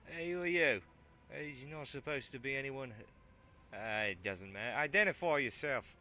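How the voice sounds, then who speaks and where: A man's voice: medium pitch, animated, normal speed, pushed and bright, pitched above the performer's own voice. A man voicing a big, pockmarked male gang leader from a video game, brash and boastful, with a put-on accent that keeps drifting. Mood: barking. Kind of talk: reading game dialogue aloud.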